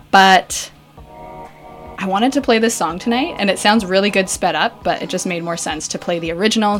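A woman's voice: fairly low pitch, fairly bright tone. A bubbly, upbeat woman, hosting a casual radio show from a studio microphone. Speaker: radio host. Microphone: studio microphone with headphones.

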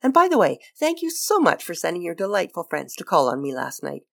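A woman voicing a breezy, playful upper-class English gentleman detective with a clipped, teasing delivery. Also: on the low side, huge pitch swings, fairly quick, gravelly, full character voice. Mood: jaunty.

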